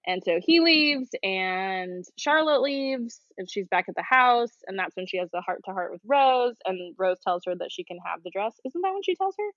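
A woman co-hosting a podcast, retelling a film's plot with dry, sarcastic asides. She talks at a middle pitch. The sound is dead-dry and a little dull. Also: lively intonation, normal speed, hardly any pauses, fairly bright tone, no room sound. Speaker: podcast co-host. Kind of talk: casual chat, recapping a movie.

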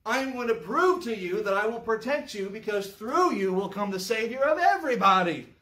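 High-voiced guy teaching bible verse by verse, punchy and sarcastic, echoey room. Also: moderate pace. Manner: animated, emphatic, with sarcastic asides. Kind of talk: verse-by-verse Bible study lesson. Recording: roomy echo, mic far off.

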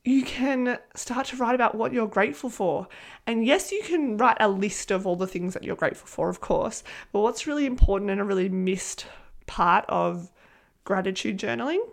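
An Australian woman hosting her own podcast, talking in a chatty, earnest way, animated and swearing freely. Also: mid-range voice. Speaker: podcast host and manifestation coach. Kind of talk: casual solo podcast talk.

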